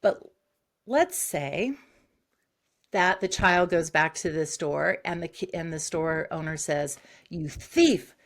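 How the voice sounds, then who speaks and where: A woman psychologist, a guest on an interview show, who explains concepts briskly and acts out short examples. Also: sits low, fairly bright tone. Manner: explains quickly with acted-out examples.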